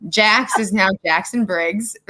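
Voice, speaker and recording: A woman's voice: medium pitch, slow pace, sharp tone. A middle-aged woman from the northern US hosting a casual livestream chat, rambling with lots of fillers. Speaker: livestream host.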